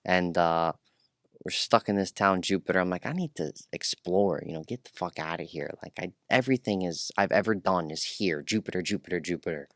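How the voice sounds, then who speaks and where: A man telling his life story in a casual interview, profane and rambling, animated and full of restarts. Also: deep voice, brisk, no echo, clean studio sound. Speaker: podcast guest.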